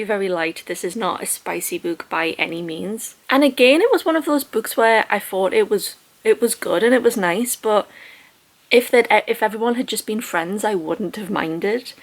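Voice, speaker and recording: A woman, chatting casually about books she has read, self-deprecating and laughing often. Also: mid-range voice. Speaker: book vlogger. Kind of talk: casual book review chat.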